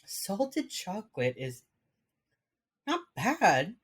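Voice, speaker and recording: A young adult woman co-hosting a podcast in relaxed, chatty talk, laughing often, recorded over a video call. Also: medium pitch, very slow, husky. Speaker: podcast co-host. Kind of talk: casual chat. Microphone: remote video call.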